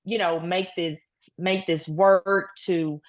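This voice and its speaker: A woman's voice: lowish voice, steady tone, takes it slowly. A woman guest in an interview, telling her story earnestly with many "you know"s. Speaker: guest, cancer survivor. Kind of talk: casual interview talk.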